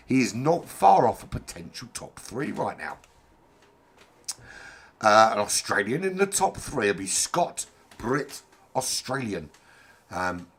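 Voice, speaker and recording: A man's voice: mid-range voice, slightly rough. A man with a sore throat giving rambling, jokey, casually sweary live commentary on an online racing league. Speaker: race commentator.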